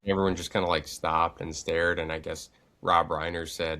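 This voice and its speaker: Brief: man, podcast host, very low voice, relaxed storytelling. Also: normal speed, hardly any pauses. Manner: loose storyteller, does funny voices. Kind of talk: casual chat.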